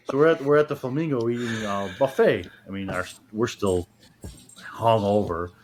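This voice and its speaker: A man's voice: fairly low pitch, moderate pace, soft background music. A man in casual chat, telling a self-mocking story in a laid-back way. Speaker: podcast guest, retired police detective and village president.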